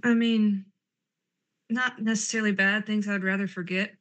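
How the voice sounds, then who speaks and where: A woman plays her character in a tabletop role-play, switching between in-character lines and description. Her voice is bright and keen. Her banter is petulant and sarcastic. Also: medium pitch, steady tone, moderate pace.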